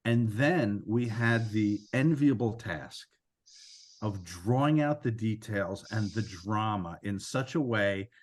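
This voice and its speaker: A man, a co-author and interview guest, recounting stories in a relaxed, explanatory way. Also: lowish voice, slow. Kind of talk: conversational storytelling.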